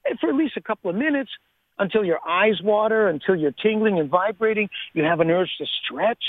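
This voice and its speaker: High-voiced man on a tinny phone line. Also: fairly quick, no room sound. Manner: animated, laughs often, repeats for emphasis. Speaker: guest, breathwork author. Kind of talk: radio interview, enthusiastic explaining.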